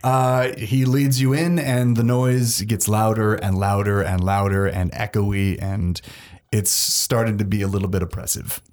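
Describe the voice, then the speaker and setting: A man narrating as game master, halting with fillers and laughing often. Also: lowish voice, fairly even intonation, a little mellow.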